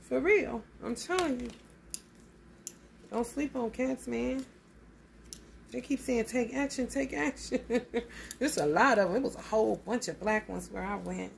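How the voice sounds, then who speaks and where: Gravelly, blunt-talking woman tarot reader. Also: on the high side, a little slow, pauses often, slight background noise. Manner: blunt, swears a lot, calls listeners honey; emphatic and animated. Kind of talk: casual tarot reading.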